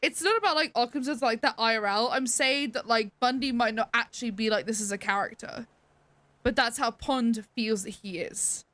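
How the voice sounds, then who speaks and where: A woman's voice: fairly high pitch, normal speed, a bit bright. A woman livestreamer chatting casually with her viewers, emphatic, swearing freely and laughing often. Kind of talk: casual chat to stream viewers.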